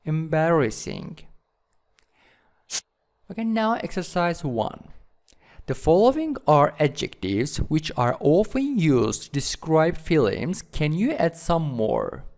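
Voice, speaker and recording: A man teaching English vocabulary to schoolchildren, repeating each word slowly so learners can follow. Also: fairly high pitch, big pitch swings, darkish tone.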